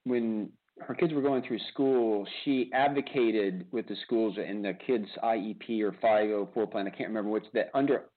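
A man's voice: lowish voice, normal speed. A man hosting a radio interview show, talking casually and animatedly, with lots of restarts and repeated words. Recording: tinny phone-like line.

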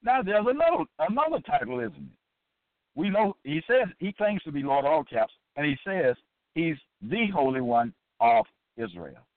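A man's voice: on the high side, sing-song, dry recording. Male Bible teacher, emphatic preaching delivery, dry close sound, thin phone-line quality. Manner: emphatic and deliberate, repeating points. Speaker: Bible teacher hosting an episode.

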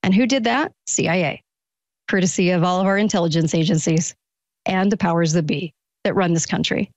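A woman's voice: on the low side, dry recording. Woman guest host, political radio monologue, incredulous rhetorical style, dry muffled sound. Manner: rapid rhetorical questions, incredulous.

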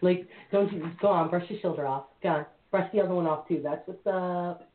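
A woman's voice: fairly low pitch, brisk. Brash woman host on a phone line. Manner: brash, bawdy, playful. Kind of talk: live call-in talk show chat. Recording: tinny phone-line audio with faint hiss.

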